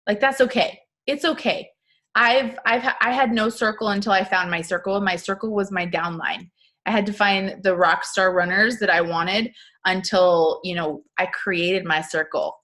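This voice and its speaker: A woman's voice: medium pitch, fairly even intonation, moderate pace, fairly bright tone. Upbeat young woman, casual motivational talk, filler-heavy chatter. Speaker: network marketing team leader.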